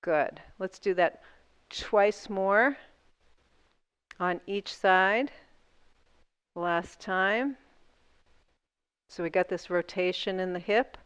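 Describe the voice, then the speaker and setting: A woman's voice: mid-range voice, very slow, long pauses, fairly bright tone, clear, resonant tone, dry recording. A woman instructor guiding a seated yoga class, talking through each movement step by step in an encouraging way.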